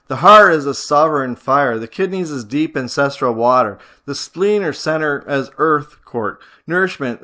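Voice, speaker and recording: A man teaching a guided visualization, giving slow, measured commands and repeating short phrases like a chant. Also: a little high, bright, forceful tone. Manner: slow, repetitive, chant-like incantations. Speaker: spiritual teacher.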